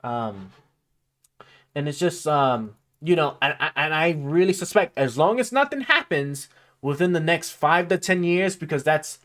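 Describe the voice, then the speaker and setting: A man streaming casually, rambling and stammering with many fillers as he reads and thinks aloud, dropping quieter while he reads and perking up again. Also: on the high side. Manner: drifts quieter when reading to himself, then perks up.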